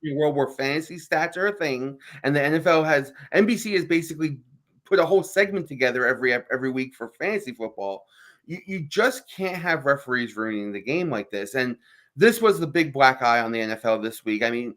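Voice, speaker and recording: A man co-hosting a sports radio show, talking in an animated, emphatic way with frequent restarts. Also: mid-range voice, brisk. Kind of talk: casual sports talk.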